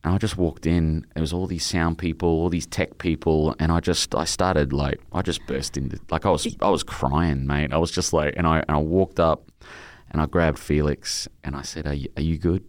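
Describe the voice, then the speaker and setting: Deep-voiced Australian man telling stories. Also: steady tone, moderate pace, no echo. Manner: rambling, emotional storytelling with many restarts. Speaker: author being interviewed. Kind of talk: casual interview chat.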